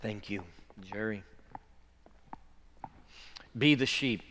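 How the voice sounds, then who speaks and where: Bright-voiced preacher in a reverberant church. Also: male voice, lowish voice, drawn-out words, slight background noise. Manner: earnest preaching that swells from hushed to loud and back. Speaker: pastor. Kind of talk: sermon.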